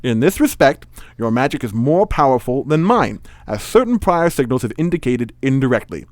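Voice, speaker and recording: Casting: a man putting on a haughty Scottish-accented evil wizard, lecturing, a bit raised and loud, dry room. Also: mid-range voice, big pitch swings, normal speed, no echo, voice pushed up, lightly acted. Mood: lordly. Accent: Scottish, Sean Connery style. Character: haughty evil male magician, calm and lordly.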